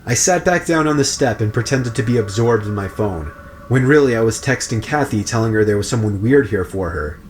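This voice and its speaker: A man giving a scripted, steady narration of a creepy story. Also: on the low side, fairly quick, slight background noise.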